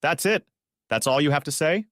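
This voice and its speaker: A man voicing an upset adult woman in an audiobook story, shrill, pleading and indignant. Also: animated, moderate pace, fairly bright tone, no echo, clean studio sound. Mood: furious. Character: distraught adult woman friend.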